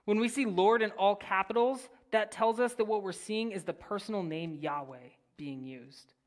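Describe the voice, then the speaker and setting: A preacher reading scripture and teaching, swinging between loud declarations and near-whispered phrases, with casual asides to the listeners. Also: medium pitch, normal speed. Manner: casual, addresses listeners as "guys". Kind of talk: sermon with Bible reading and teaching.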